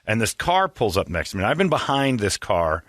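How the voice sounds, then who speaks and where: A man hosting a podcast, telling a comedic story in casual chat, animated and jumping into loud high voices for quoted people. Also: fairly quick, no room sound, clean studio sound. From Phoenix area, US. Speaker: podcast host.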